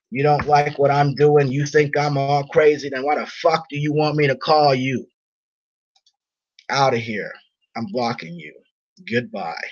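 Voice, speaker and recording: A high-pitched man chatting on a live stream, blunt and annoyed as he reads out viewer comments. His audio is dull and lo-fi, like a cheap computer mic. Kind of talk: casual live stream chat.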